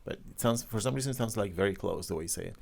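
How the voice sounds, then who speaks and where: Very deep-voiced animated man. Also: rapid-fire, vocal fry. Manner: animated, laughs often, hesitant fillers. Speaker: interviewer, English teacher. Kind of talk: casual interview about pronunciation.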